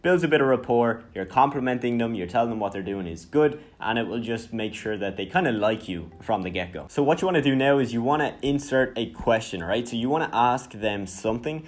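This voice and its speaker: Man in his 20s, from Ireland, casual energetic coach, conversational delivery. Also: medium pitch, brisk, few pauses, soft background music. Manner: energetic, conversational, says "right?" often. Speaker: marketing coach. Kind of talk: casual instructional talk.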